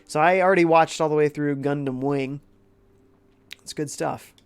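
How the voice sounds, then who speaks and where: A man's voice: fairly high pitch, steady tone, normal speed, clear, resonant tone. Stuffy-voiced man streaming a game. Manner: laid-back, reads chat aloud. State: congested from a cold. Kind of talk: casual gameplay commentary.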